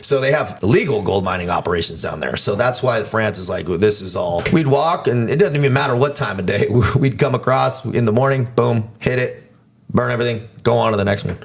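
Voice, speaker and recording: A man's voice: mid-range voice, lively intonation, fairly quick, vocal fry, soft background music. A man telling blunt, profane stories in casual talk, laughing now and then. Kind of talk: casual storytelling.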